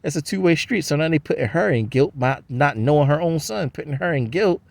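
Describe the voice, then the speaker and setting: A man's voice: a little high, lively intonation, brisk, vocal fry, no room sound. A man rambling in a profane, slangy casual monologue. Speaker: vlogger.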